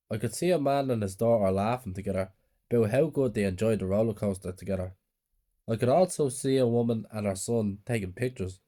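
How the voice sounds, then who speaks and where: A man's voice: on the low side, dark tone. A man narrating a horror story in a subdued, plain storytelling way.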